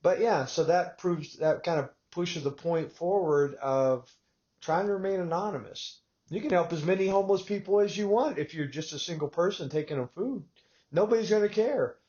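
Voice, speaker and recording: A man from Texas hosting a podcast, telling stories in a rambling, animated way with many asides. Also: fairly high pitch, lo-fi sound. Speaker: podcast host. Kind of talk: casual conversational podcast talk.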